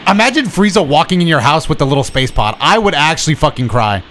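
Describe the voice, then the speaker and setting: A young man streaming a video game, talking to himself in excitable, profane commentary. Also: on the high side, quick pace, slight background noise. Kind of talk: casual gameplay commentary.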